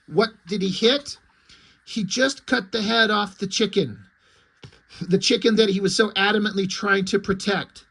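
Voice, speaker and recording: A man casually reacting to a comic as he reads it, rambling with plenty of likes and ums. His voice is high for a man. He sounds amused and easygoing. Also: a little slow, vocal fry, a bit bright. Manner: rambling, amused, lots of fillers. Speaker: comic reviewer. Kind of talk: casual comic read-through.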